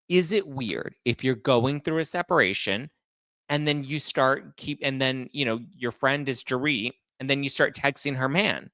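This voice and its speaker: A man hosting a casual chat show, reading viewer comments aloud and retelling stories with animated energy. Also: mid-range voice, normal speed, no room sound. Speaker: host.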